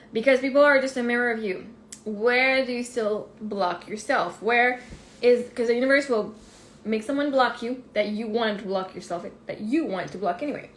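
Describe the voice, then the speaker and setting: A woman with a Québécois French accent, talking through a live podcast monologue, animated, laughing often and swearing freely. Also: fairly high pitch. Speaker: life coach podcast host. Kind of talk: live-streamed personal monologue. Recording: echoey room with faint ambient noise.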